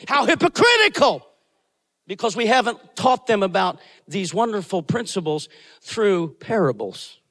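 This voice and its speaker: A man preaching with a very high, lively voice that leaps from hushed asides to shouted peaks. His words ring out into the long reverb of a big church hall. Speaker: guest pastor. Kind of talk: sermon.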